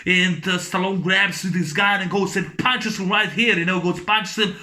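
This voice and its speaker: A man recording a casual movie discussion video, rambling excitedly with many restarts and fillers. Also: sits high, normal speed. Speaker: YouTube film reviewer.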